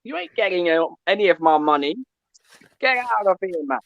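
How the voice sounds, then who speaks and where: A male caller ranting about football, loud and animated, who keeps asking "yeah?" between points. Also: high-pitched, a little fast, creaky, no room sound, lo-fi sound. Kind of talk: call-in football rant.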